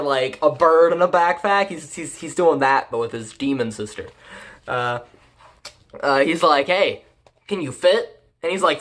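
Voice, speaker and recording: Rambling, profane casual anime reviewer. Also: medium pitch. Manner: rambling, profane, filler-heavy, deadpan jokes. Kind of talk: casual episode recap.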